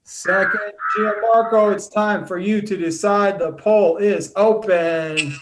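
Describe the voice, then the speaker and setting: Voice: medium pitch, steady tone, slow pace. A host running an online comedy contest, announcing acts and results over a video call. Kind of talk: hosting an online comedy show.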